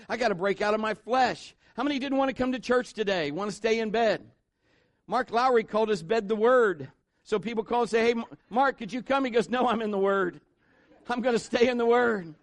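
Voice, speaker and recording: A man's voice: high-pitched, expressive, fast talker, no room sound. A man preaching a sermon in church, mixing jokes and acted-out quotes into his message. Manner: joking asides, voices quotes. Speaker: pastor.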